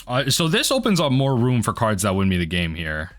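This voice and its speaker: Excitable man commentating a card game. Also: brisk, faint music behind. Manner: mutters low then erupts into excited yelling. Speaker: gaming video host.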